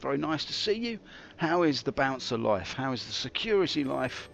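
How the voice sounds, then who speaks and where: A man streaming a game, telling theatrical, jokey stories with big swings in pitch. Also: sing-song, normal speed, creaky, fairly bright tone, soft background music. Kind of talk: rambling live-stream commentary.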